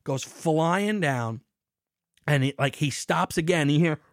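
A man hosts a casual chat show, spinning a story with constant swearing and lively energy. His voice sits a bit higher than most men's, and the recording is dry and close with no room sound. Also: takes it slowly, dry recording. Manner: profane, animated storyteller. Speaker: podcast host. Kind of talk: casual storytelling and beer talk.

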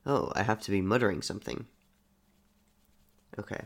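A man's voice: fairly low pitch, moderate pace, gravelly, background noise. A man recording voice lines, laughing at himself and chatting between takes. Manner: laughing, self-deprecating. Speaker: voice actor. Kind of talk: casual outtake chatter while recording lines.

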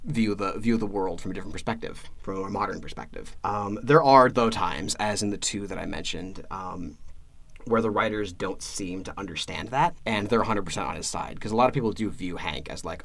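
A man's voice: lowish voice, fairly quick, vocal fry, a bit bright. A man co-hosting a casual podcast, talking with many restarts and repeated words and laughing as he retells scenes. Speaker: podcast co-host.

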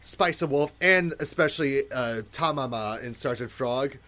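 A man's voice: medium pitch, normal speed, sharp tone. A man in casual podcast chat, hesitant with many fillers. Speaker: podcast co-host.

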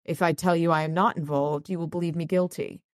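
A guarded, bitter woman who answers with cool, measured contempt, as a woman reading puts her on. The voice sits low and the recording is dry. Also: fairly even intonation, no echo, close to an everyday voice. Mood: cold. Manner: cold, measured and clipped.

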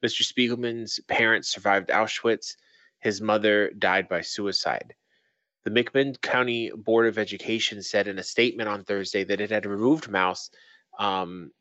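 A man's voice: on the low side, steady tone, moderate pace, a bit bright, no echo. A young man co-hosting a casual podcast, reading a news article aloud and breaking off into swearing asides. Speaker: podcast co-host.

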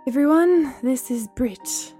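A woman's voice: high voice, slow, warm tone, soft background music. A woman voicing an awkward, edgy young man in a read-aloud story. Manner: hesitant, edgy.

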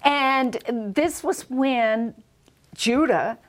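A woman's voice: high-pitched, drawn-out words. A woman with a Southern US accent, a guest on a Christian talk show, speaking in a gracious, eloquent, preacherly way.

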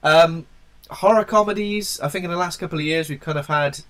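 Fairly high-pitched, brisk, and a bit bright, this English podcast co-host chats despite having a cold. He jokes around, keeps his phrasing loose, and occasionally searches for the right word.

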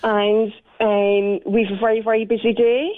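A woman's voice: mid-range voice, flat delivery, moderate pace. An Irish woman florist chatting on a radio phone-in, telling her story with plenty of fillers. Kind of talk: casual radio phone interview. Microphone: telephone. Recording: tinny phone line.

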